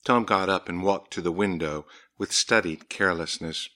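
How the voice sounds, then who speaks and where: A man reading a story aloud, raising his voice higher when the characters speak. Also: normal speed, bright, forceful tone. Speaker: narrator.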